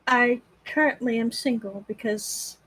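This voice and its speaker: A woman's voice: on the high side, a little slow, a bit bright, slightly rough, rough recording. A woman speaking in character as a player, prim and formal. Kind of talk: in-character role-play.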